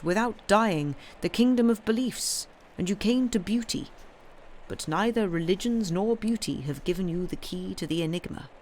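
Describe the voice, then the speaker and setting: A woman voicing an old, wise male sea urchin who gives calm advice. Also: medium pitch, pitched above the performer's own voice, natural voice. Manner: calm, knowing, sagely.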